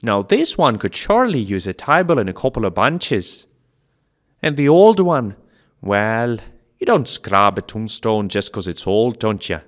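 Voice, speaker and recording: A man voicing an older grandmother who talks in a brisk, matter-of-fact, folksy way. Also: on the low side, big pitch swings. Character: older woman, a practical grandmother.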